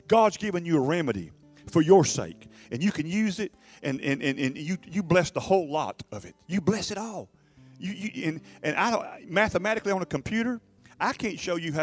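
A middle-aged man preaching a sermon in a folksy way, often repeating words before moving into prayer. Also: a little high. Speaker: pastor.

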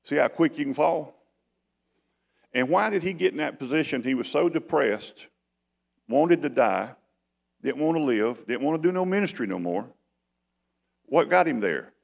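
A man preaching a sermon as pastor, with folksy, animated delivery. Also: on the high side, gravelly. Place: church sanctuary. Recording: long church reverb.

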